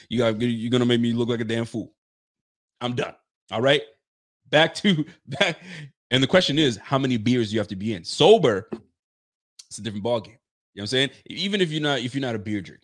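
Fairly bright and medium in pitch, this man's voice carries a casual sports podcast. He jokes, laughs, and riffs in slangy talk, addressing a live chat and audience.

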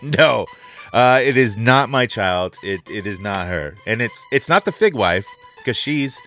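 Animated, profane man telling stories. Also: mid-range voice, unhurried, faint music behind. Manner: profane, animated storyteller, laughs often. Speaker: podcast co-host. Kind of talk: casual podcast chat.

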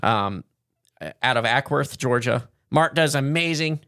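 A man co-hosting a podcast, chatting casually and reading an upbeat sponsor pitch. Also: measured pace, pushed and bright, no echo, studio quality. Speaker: podcast co-host. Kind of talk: casual chat and sponsor read.

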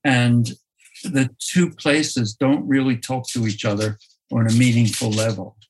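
A man, a photographer, talking in a slow, thoughtful way in an interview, often restarting his sentences and laughing softly. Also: medium pitch, steady tone, a little hiss or hum, rough recording. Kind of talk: reflective conversational interview.

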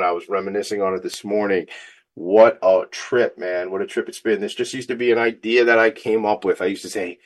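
A male radio show host, talking in a fired-up, joking, self-teasing way. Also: lowish voice. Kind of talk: casual energetic monologue.

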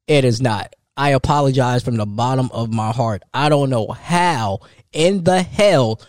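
A man, hosting a solo podcast and telling an animated story. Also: measured pace, no echo, clean studio sound. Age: 30s. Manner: animated storytelling, jumps high for quoted voices. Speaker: podcast host.

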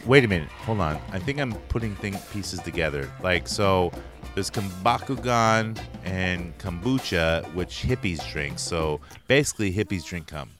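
A man hosts a crude podcast, his voice swinging widely in pitch as he jokes and swears. He laughs often between lines. Faint music plays behind him. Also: moderate pace. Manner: animated, swearing, laughs often, jumps up high when excited. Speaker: podcast host. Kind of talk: crude casual podcast banter.

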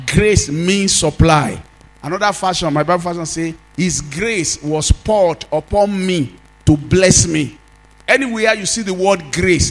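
A man's voice: fairly high pitch, poor audio. A Nigerian man preaching a sermon as pastor, leading call-and-response and drawing out sung phrases.

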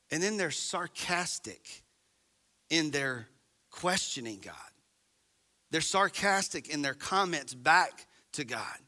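A man's voice: fairly high pitch, sharp tone. A man preaching a sermon as pastor, talking conversationally and straight to his congregation.

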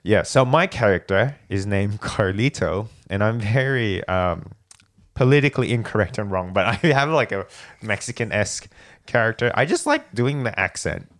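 A man hosting a casual chat, telling stories in an animated way and laughing often. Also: normal speed. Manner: animated storyteller, laughs often, jumps up in pitch when excited. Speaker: podcast host.

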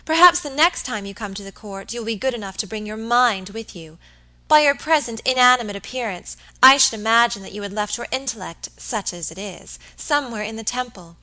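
A woman reading the part of an impatient, sharp-tongued young lady, tart and mocking. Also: fairly high pitch, expressive, brisk, rough recording. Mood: teasing.

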